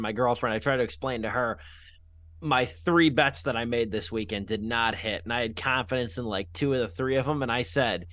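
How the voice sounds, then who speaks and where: A man's voice: mid-range voice, fairly bright tone, dry recording. A man hosting a casual movie podcast, chatty and rambling, with self-deprecating jokes and the odd swear word. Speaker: podcast host.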